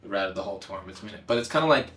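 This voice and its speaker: A young man answering interview questions in a relaxed, halting way, voice slightly hoarse. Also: sits low. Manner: relaxed, halting, filler-heavy. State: slightly hoarse after singing. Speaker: musician guest. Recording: echoey room, a bit far from the mic.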